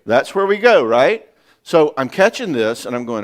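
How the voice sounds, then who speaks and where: Animated older man giving a marriage seminar. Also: medium pitch, moderate pace. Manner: animated, folksy, acts out dialogue. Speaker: psychologist and speaker.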